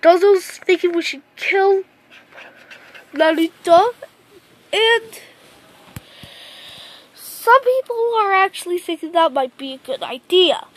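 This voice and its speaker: Very high-voiced woman rambling through a story. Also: expressive, slow pace, long pauses. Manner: rambling, repetitive, says "like" often. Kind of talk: casual improvised fan story retelling.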